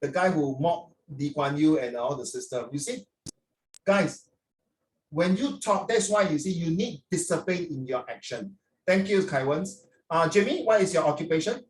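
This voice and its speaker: An older man with a Singaporean accent lectures his class, chatty and preachy, and his speech is full of local particles. His voice sits a little high for a man. He sounds set back from the mic in a roomy, echoey space. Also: lively intonation, normal speed, slight background noise. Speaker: teacher. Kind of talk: classroom talk to students. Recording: roomy echo, from far off.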